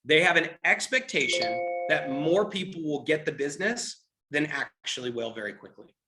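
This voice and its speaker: A man leading a live business training, telling an animated story and checking in with listeners. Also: a little high, moderate pace, loud music behind the voice. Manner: animated storytelling, keeps asking "right?". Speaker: network marketing trainer.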